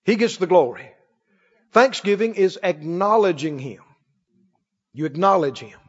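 A man pastor preaching a sermon emphatically, rising to shouts and dropping to quick asides. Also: high-pitched, expressive. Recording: dull sound with long church reverb.

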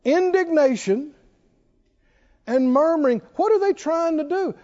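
A man's voice: very high-pitched, lively intonation, measured pace, warm tone, highs cut off. A man preaching a sermon, emphatic and driving his points home with repeated rhetorical questions.

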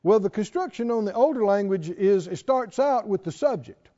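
A man's voice: high voice, animated, warm tone. Emphatic preacher man, echoing hall. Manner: emphatic, draws out scripture quotes slowly; folksy, asks the audience questions. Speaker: pastor. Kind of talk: sermon. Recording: dull lo-fi recording in a reverberant hall.

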